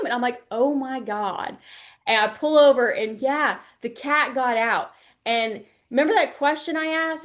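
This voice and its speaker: Woman instructor, casual livestream lecture, lively storyteller. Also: sits high. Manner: chatty storytelling with animated quoted voices. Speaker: university instructor.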